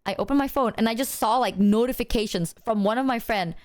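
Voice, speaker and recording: A woman livestreamer telling a story to her chat, animated and swearing, acting out the voices of people she quotes. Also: a little high, fast, no room sound, clean studio sound.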